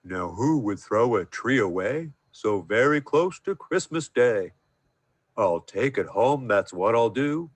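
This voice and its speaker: A man's voice: mid-range voice, lively intonation, slow pace, husky, no room sound. A man doing a jolly, drowsy bear.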